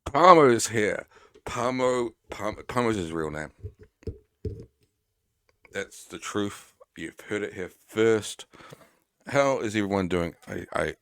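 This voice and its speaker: A man's voice: lowish voice, lively intonation, takes it slowly, pauses often, fairly bright tone, no room sound, clean studio sound. A man casually chatting with his stream audience in a rambling, sweary, teasing way. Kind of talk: casual live-stream chat.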